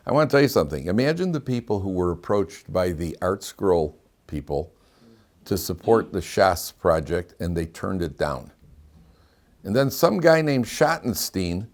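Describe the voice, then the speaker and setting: A man, a rabbi giving a Torah class, telling stories with animation, acting out dialogue, wandering off on asides and asking rhetorical questions. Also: deep voice. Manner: animated storyteller who acts out dialogue; digressive, with frequent restarts and rhetorical questions.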